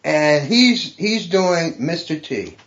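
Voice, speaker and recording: A middle-aged man, a stand-up comedian guest, telling a story in a profane, animated way, laughing often. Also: a little high, slow pace. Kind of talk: casual storytelling. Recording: dull lo-fi podcast recording.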